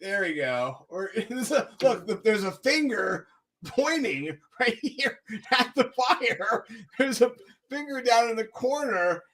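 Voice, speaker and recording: Bright, lively man laughing through a stream. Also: extremely high pitch, takes it slowly. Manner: giggly, animated, talks over clips. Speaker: podcast co-host. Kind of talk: live-stream casual chat.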